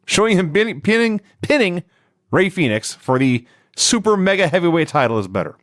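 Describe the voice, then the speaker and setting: A man's voice: moderate pace, no echo, clean studio sound. A man co-hosting a podcast, giving a wry, laughing recap of a wrestling show in casual chat. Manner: wry, laughing recap with lively swings in pitch.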